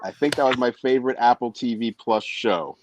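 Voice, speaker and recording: A man joining a livestream over a video call, chatting casually and calmly standing by his opinions. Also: mid-range voice, brisk, noisy background. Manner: relaxed, defends his opinions. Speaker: guest. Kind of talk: casual chat.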